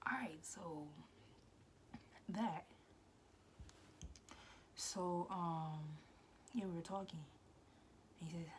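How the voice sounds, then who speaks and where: Woman, young adult, casual storytelling, low voice, animated, slangy. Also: moderate pace, pauses often, slight background noise. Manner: animated, slangy, shifts into soft breathy asides.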